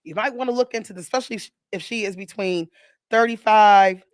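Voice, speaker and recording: A woman's voice: mid-range voice, a little fast, no echo, clean studio sound. A woman radio host with a Southern US accent, talking in a casual, emotional way and laughing easily. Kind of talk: casual talk radio chat.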